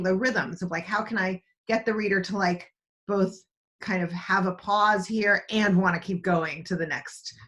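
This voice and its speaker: A woman's voice: medium pitch, a bit bright. Chatty woman teaching an online writing class. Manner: chatty, rambling, many restarts. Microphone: video call.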